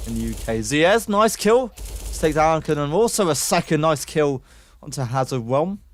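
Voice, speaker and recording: Man casting an esports match, excitable. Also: on the high side. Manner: excitable, jumps up on kills, chats with stream viewers. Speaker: esports caster. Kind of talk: play-by-play commentary.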